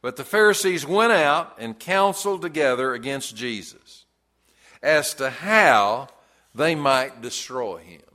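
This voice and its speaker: A man delivers a sermon at an unhurried, deliberate pace, his voice sitting at an ordinary middle pitch. He leans into key words with heavy emphasis and drops quietly at the ends of phrases. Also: expressive. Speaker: preacher.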